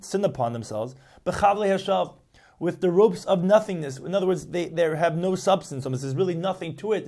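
A man's voice: on the high side, a little mellow. A man giving a Talmud class, reading Aramaic passages aloud and then explaining them in English, with frequent repeats and restarts. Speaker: Talmud teacher. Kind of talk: Talmud class lecture, translating line by line.

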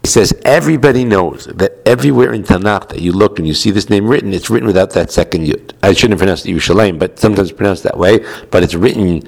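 A man with a notably low voice explains a point of Jewish law in a study lecture. He talks it through patiently, circling back and checking in with his listener as he goes. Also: fast, vocal fry, hardly any pauses, a little mellow. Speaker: rabbi teaching Jewish law.

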